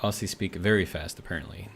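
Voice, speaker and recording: Talking fast in a deep voice, this American streamer rambles about his game, reads chat messages aloud, and fills his thinking-out-loud with lots of fillers. Slight background noise is present.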